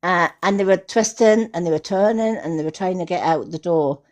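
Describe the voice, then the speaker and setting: A woman's voice: fairly low pitch, fairly quick, darkish tone. A woman hosting a live stream, telling chatty anecdotes. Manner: chatty anecdotes with frequent laughter. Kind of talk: casual chat, storytelling. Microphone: phone or computer on a live stream.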